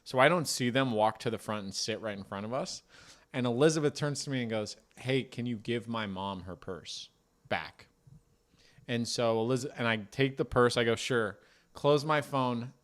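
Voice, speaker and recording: A young man spinning a long, rambling story about himself on a podcast. He pokes fun at himself and drops in casual swear words. His pitch sits right in the middle for a man. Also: moderate pace. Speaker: podcast co-host telling a story.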